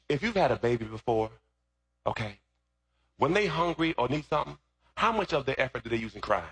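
A man pastor preaching a sermon, telling a story and then rising into shouted preaching. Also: mid-range voice, big pitch swings, a little fast, long pauses, a little hiss or hum.

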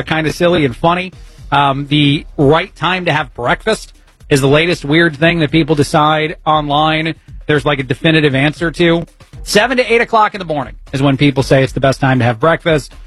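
A man's voice: a little high, a little fast, fairly bright tone, soft background music. A man filling in as a radio talk host, rambling casually and poking fun at himself. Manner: chatty, rambling, self-mocking, laughs at his own jokes. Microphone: studio broadcast microphone.

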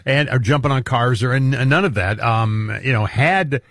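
A man's voice: medium pitch, moderate pace, a bit bright, no echo, studio quality. A man hosting a political talk radio show, chatty and wry in a laid-back way.

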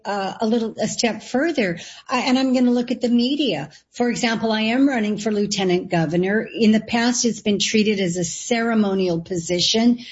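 A woman political candidate gives interview answers with emphasis and sarcastic asides. Her voice sits a little high, and the recording has a dull lo-fi tone. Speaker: candidate for lieutenant governor. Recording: dull lo-fi sound.

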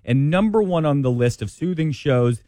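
Lively male producer reading a ranked list. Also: a little high, no echo, studio quality. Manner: lively, reads a list with quick asides. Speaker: producer and co-host. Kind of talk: casual entertainment chat.

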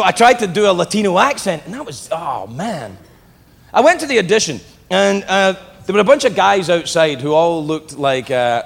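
A man's voice: a little high, gravelly, fairly bright tone. A man doing stand-up comedy, telling a story with laughing asides and swearing, on a stage before a live audience. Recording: live club with crowd noise.

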